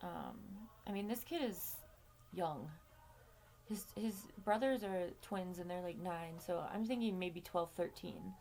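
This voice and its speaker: Chatty woman doing a storytime vlog, swears a lot, gravelly voice. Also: on the low side, a little slow, a little mellow, slight background noise. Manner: chatty, swears freely, laughs between lines. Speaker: vlogger. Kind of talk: casual storytime chat.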